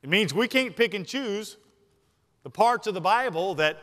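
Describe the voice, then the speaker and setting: A Southern-accented male pastor preaches a sermon in a high voice, pressing on key words and slowing them down for weight. He hurries through his asides. His voice rings out with the long reverb of a church sanctuary. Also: lively intonation, fairly bright tone. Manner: emphatic, slows for stress, then rushes asides. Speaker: senior pastor.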